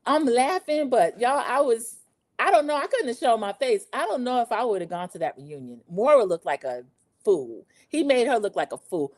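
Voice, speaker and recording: A woman hosting a podcast, recapping a TV show in a chatty, animated way and talking straight to her listeners. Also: fairly high pitch, normal speed, no room sound, studio quality. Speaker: podcast host. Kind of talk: casual TV recap chat.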